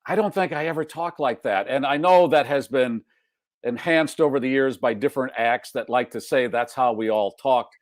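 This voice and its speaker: A man's voice: medium pitch, moderate pace, no echo, clean studio sound. An older man from Chicago hosting a casual interview, joking and conversational. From South Side of Chicago. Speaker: host.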